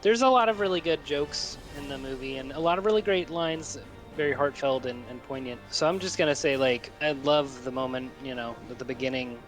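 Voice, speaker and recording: A man who is a father, talking casually about a film in a thoughtful, halting way. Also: medium pitch, faint music behind, poor audio. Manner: thoughtful, halting, many restarts. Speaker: guest co-host.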